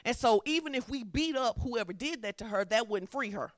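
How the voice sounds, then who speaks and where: A woman's voice: fairly high pitch, expressive, a little fast, dry recording, clean studio sound. A woman preacher, delivering a sermon in a conversational style that builds to fervent emphasis.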